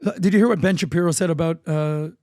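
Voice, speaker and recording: A high-voiced man with a gravelly edge, co-hosting a podcast and spinning stories with lively energy. The sound is dry and close. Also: fast talker, no room sound. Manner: animated storytelling with impressions. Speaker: podcast co-host. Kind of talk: casual podcast banter.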